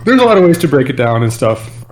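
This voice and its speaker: A man's voice: medium pitch, very animated, fast, a little hiss or hum. A man co-hosting a casual podcast, joking and thinking ideas through aloud. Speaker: podcast co-host.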